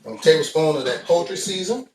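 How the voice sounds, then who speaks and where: A man's voice: a little high, expressive, fairly quick, noisy background. Laid-back man cooking in an echoey kitchen. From United States. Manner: laid-back, chatty, addresses viewers directly. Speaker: cooking show host. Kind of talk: casual cooking demonstration. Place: home kitchen. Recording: echoey room, mic at a distance.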